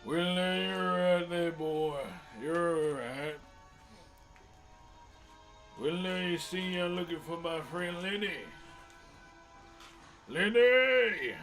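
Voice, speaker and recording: Brief: gruff cowboy outlaw, slow Western drawl, fairly high, unhurried as a man puts him on. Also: bright, forceful tone, soft background music. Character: gruff rough-talking male cowboy outlaw, middle-aged.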